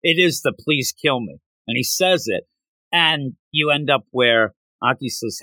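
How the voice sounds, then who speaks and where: A man's voice: medium pitch, expressive, moderate pace, bright, forceful tone, dry recording. A man co-hosting a podcast, casually recapping a manga chapter and acting out the characters' lines in jumpy voices. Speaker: podcast co-host.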